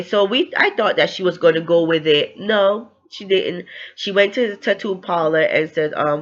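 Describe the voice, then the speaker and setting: A man casually recapping a novel's plot for viewers in a chatty, excitable way, acting out the characters' lines, over a slightly lo-fi recording. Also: on the high side, fairly quick. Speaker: book reviewer.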